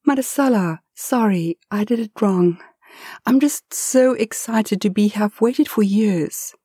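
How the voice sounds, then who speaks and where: A woman voicing an excitable, gushing middle-aged woman tourist who talks in a high, eager rush. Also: slow pace, no echo, clean studio sound. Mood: excited.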